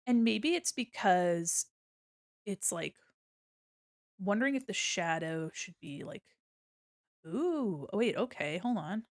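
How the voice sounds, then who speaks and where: A woman's voice: medium pitch, a bit bright, no echo, clean studio sound. A young woman chatting casually on a live art stream, playful and rambling, talking into a desk mic at home. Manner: chatty, playful, drifts into hums and silly sounds. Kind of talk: casual live-stream chat while drawing. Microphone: desk mic on a mic arm.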